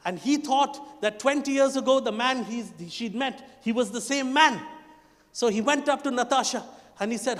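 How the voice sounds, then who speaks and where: A man in his forties with an Indian English accent, performing a stand-up comedy set and teasing the crowd in an animated way. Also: very high voice, moderate pace. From Kolkata, India. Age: 40s. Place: stage in a large hall. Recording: stage mic in a reverberant hall.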